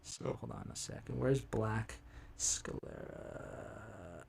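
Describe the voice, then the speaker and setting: A man hosting a casual music livestream, chatting in a relaxed, rambling way and interrupting himself as he adjusts his pedals. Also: on the high side, a little fast, a little hiss or hum. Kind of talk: casual livestream chat between song demos. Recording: loud music under the voice. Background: guitar playing.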